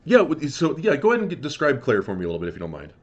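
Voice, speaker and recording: A man narrating as game master in a relaxed, halting way with many fillers. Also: medium pitch, dull audio, crowd noise.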